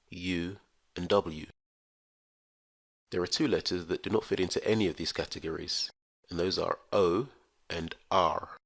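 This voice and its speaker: Slow, gravelly low-voiced male teacher. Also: fairly bright tone, dry recording. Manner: slow, careful, enunciated delivery. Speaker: English teacher. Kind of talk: scripted pronunciation lesson.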